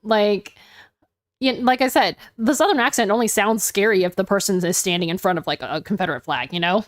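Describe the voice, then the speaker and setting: A woman gives a casual, joking reaction to a story being read on stream. Her voice sits at a middle pitch. She rambles along, filling her sentences with "like" and "you know". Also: a little fast. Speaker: co-host reacting.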